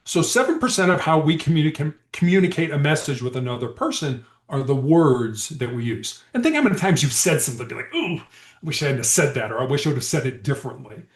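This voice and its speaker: A man tells stories on a podcast, his voice swinging up and down as he acts out the people he quotes. His pitch sits a little high. The room around him has a noticeable echo. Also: fast talker, hardly any pauses. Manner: animated, acts out quoted dialogue. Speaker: podcast guest, former hostage negotiator. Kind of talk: conversational storytelling. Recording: echoey room.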